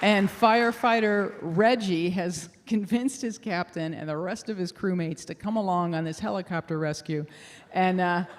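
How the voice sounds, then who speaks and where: On a theater stage at a fundraiser showcase, a middle-aged woman with a fairly low voice tells a candid personal story. She is self-deprecating and adds laughing asides, and the sound carries a big-room feel.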